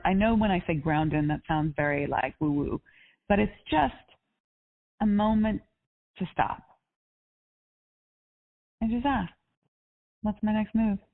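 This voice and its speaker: Upbeat woman coach over a phone line. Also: lowish voice. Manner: upbeat, encouraging, spiritual. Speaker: life coach. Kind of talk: coaching call. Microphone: phone or call line. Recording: tinny phone-line audio.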